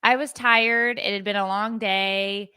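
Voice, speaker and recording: Bright-voiced woman telling a lively story. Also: medium pitch, unhurried, smooth, no room sound. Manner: animated storytelling, acting out quoted voices. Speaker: podcast co-host. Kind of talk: casual chat.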